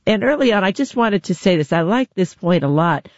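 Playful, animated interview host. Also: mid-range voice, fairly quick, no room sound, dull audio. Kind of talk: conversational interview.

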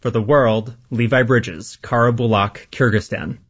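A man narrating a scripted radio field report in a calm, reflective way. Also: medium pitch, measured pace, slightly rough, dull audio.

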